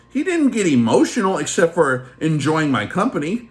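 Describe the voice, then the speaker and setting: Animated, chatty man telling a story. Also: on the high side, moderate pace. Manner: animated, chatty, full of fillers like "like" and "deal". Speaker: channel host. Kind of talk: casual storytelling vlog.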